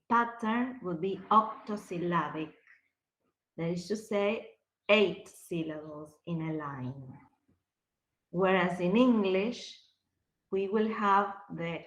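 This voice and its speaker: A woman's voice: mid-range voice, a bit bright, echoey room, low-quality recording. A woman teaching a literature class, explaining step by step and checking that students follow. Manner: slow, explanatory, checks understanding with questions. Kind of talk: lecturing a class.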